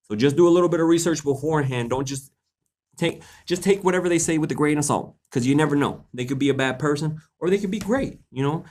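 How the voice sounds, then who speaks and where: A young man with a slightly high, darkish voice speaks quickly while hosting a live Q&A stream. He answers viewer questions in a laid-back, joking, slangy manner and laughs a lot.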